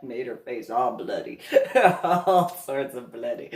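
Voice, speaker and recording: A woman's voice: very deep voice, darkish tone, echoey room. A woman telling a comic family story, laughing often as she goes. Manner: laughs through her telling. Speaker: comedic storyteller. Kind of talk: comedic personal anecdote.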